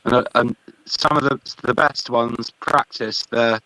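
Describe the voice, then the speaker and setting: A man's voice: medium pitch, fairly even intonation, a little slow, bright, forceful tone, dry recording, poor audio. A man on a discussion panel talking frankly and amiably, with stammering restarts in casual chat.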